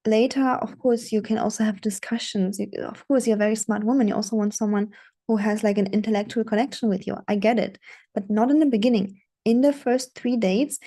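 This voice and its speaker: A woman's voice: medium pitch, fairly even intonation, fairly quick, warm tone. A woman dating coach talking straight to her viewers, instructive and repetitive, often checking in with "okay?". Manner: instructive, repeats "okay?" and "don't do it". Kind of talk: coaching monologue.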